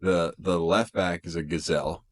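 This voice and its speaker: Male podcast co-host, deep voice, rambling casual sports talk. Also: fairly even intonation, moderate pace. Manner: rambling, lots of "like" and restarts.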